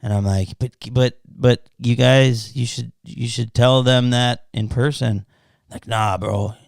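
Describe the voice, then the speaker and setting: Unhurried with vocal fry, a mid-range male host chats casually on his podcast, telling a story, swearing often and animatedly performing each side of a quoted argument. Clean studio sound, no echo.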